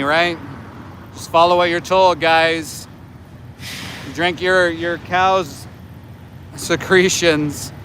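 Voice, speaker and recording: A man in his forties streams live from a phone outdoors, with faint street and traffic noise around him. His voice sits high and bright, and he talks at an unhurried pace. He needles his viewers with sarcasm and scolding. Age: 40s. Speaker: livestreaming activist. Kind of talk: livestream chat with viewers. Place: outdoors near a slaughterhouse by homes.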